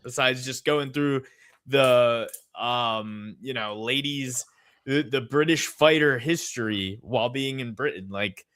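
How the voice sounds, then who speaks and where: A man's voice: medium pitch, slow pace, fairly bright tone, no room sound. Man, podcast co-host, wry and agreeable, dead-dry close recording. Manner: wry, agreeing, laughs along. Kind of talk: casual sports betting chat.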